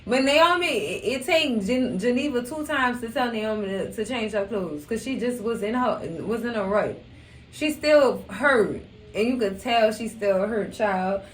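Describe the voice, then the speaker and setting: A woman's voice: on the high side, measured pace, distant mic, a little hiss or hum. A young woman, chatting casually about a show, acting out quotes and laughing often. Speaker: recap channel host. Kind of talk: casual TV recap chat. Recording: echoey room.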